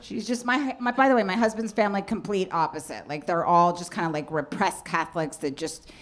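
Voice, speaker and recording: A woman's voice: fairly low pitch, fairly even intonation, brisk, noisy background. A woman stand-up comedian on a comedy stage, talking in a chatty, exasperated way with lots of "like"s into a handheld mic.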